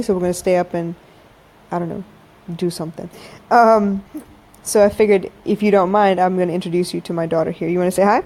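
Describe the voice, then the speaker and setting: A woman in her thirties talks casually into a phone for a late-night podcast. Her voice is mellow and dark-toned, and she speaks frankly and chattily, calling her listeners y'all. The sound is plain live audio with no production. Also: on the low side, a little fast. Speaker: podcast host. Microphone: phone-recorded live audio.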